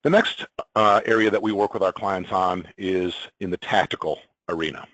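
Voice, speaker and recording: A man presenting sales and marketing methods as a consultant, in a measured, explanatory way with occasional ums. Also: sits low, fairly bright tone, no room sound, low-quality recording. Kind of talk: business presentation.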